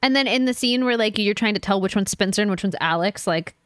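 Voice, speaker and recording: A woman's voice: mid-range voice, fast talker, clear, resonant tone, no echo. Emphatic young woman, dry close mic. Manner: opinionated, emphatic, casual swearing. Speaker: podcast co-host. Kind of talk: casual chat.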